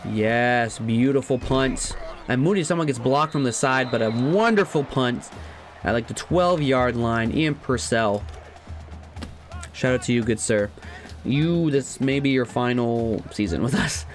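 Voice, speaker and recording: A man giving casual let's-play commentary on a football video game, chatty and thinking aloud, laughing at himself and jumping to loud shouts at big plays. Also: mid-range voice, measured pace, soft background music. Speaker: gaming commentator.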